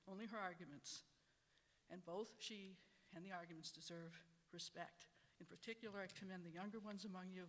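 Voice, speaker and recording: A middle-aged law professor from Wisconsin giving prepared panel remarks in a wry, measured, reflective way. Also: mid-range voice, pushed and bright, big-room sound.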